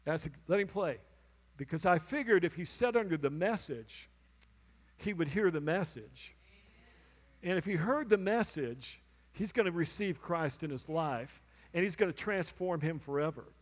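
A man's voice: a little high, expressive, normal speed, in a large hall. A male pastor preaching a sermon, telling a story and acting out both sides of a conversation, calling out to the congregation. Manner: calls out to the congregation. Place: church sanctuary.

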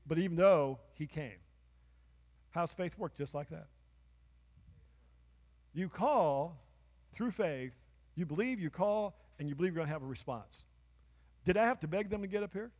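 A man's voice: on the high side, animated, normal speed, pauses often, darkish tone. A man pastor preaching a sermon in a church, emphatic, with call-and-response to the congregation. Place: church sanctuary. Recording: long church hall reverb.

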